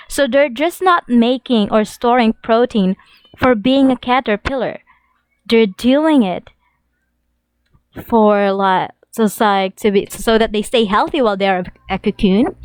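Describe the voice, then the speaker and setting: A woman teaching an English lesson to young children, reading examples slowly in an exaggerated sing-song way. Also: fairly high pitch, clean tone, no room sound.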